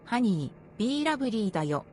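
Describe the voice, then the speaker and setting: A woman's voice: on the high side, very animated, rapid-fire, a little mellow, soft background music. An actress voicing a cutesy, self-assured young female pop idol character in a game. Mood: perky. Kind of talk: Japanese game voice acting.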